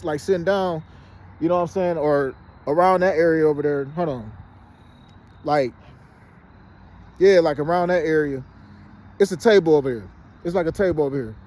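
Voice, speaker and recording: Outdoors by a fenced exercise area, a man from Detroit, Michigan delivers a rapid, insistent monologue to his phone camera, frequently saying "you know what I'm saying." His voice is fairly high with a darkish tone.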